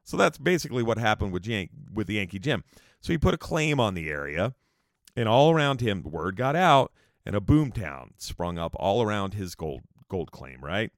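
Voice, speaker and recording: A man's voice: lowish voice, sing-song, moderate pace, no echo, clean studio sound. A man hosting a podcast, telling a history story casually, rambling with restarts and asides. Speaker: podcast host.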